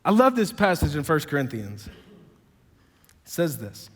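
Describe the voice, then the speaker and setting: High-voiced pastor preaching in a hall. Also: male voice, sing-song, measured pace, breathy edge. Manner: emphatic, swings from low and quiet to loud and raised; sarcastic, joking asides. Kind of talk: sermon. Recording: long reverb of a big hall.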